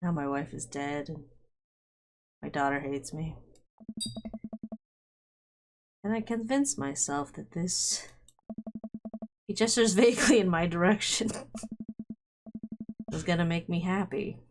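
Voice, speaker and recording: A woman voicing a bitter, guilt-ridden middle-aged man in a dating game, in a low, subdued voice. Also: measured pace, pauses often, over music. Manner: low, subdued, self-loathing confessions. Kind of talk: reading game dialogue aloud.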